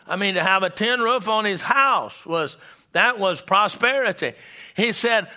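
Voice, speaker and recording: A man's voice: high voice, animated, measured pace, pushed and bright. An older man preaching a folksy sermon in a church, stumbling into restarts and tossing out call-and-response asides to the congregation. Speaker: pastor.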